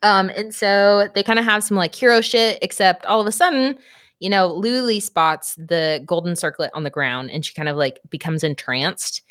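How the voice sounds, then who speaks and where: A young woman talks through a book's plot for a podcast in a casual, profane rush of asides. Her voice sits at an everyday middle pitch. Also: a bit bright, dry recording, clean studio sound. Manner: chatty, profane plot retelling with quick asides. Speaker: book club podcast co-host. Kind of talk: casual chat.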